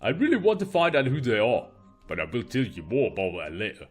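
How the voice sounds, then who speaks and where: A man's voice: mid-range voice, wildly swooping pitch, brisk, soft background music. A man with a cold voicing an eager young British treasure-hunting friend in a faltering put-on British accent. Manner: upbeat, enthusiastic. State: has a cold.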